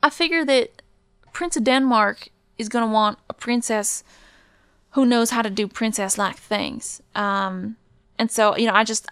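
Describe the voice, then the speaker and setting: A woman's voice: a little high, fairly bright tone, smooth, no room sound. A woman with a Southern US accent playing a snooty, rambling teenage girl set on becoming a princess. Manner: chatty, rambling, defiant. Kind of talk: improvised comedy character.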